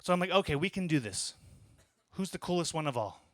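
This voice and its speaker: A man in his thirties performs a stand-up set in a small comedy club, telling a long story in a bright, fairly high voice. He keeps it conversational, with deadpan asides, and the sound is dry and close on a handheld mic. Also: fairly quick, dry recording.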